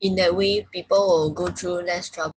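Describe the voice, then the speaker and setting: Girl student reading out her essay, careful, low breathy voice, dry sound. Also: fairly even intonation, normal speed, no room sound, rough recording. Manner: careful reading, with small slips.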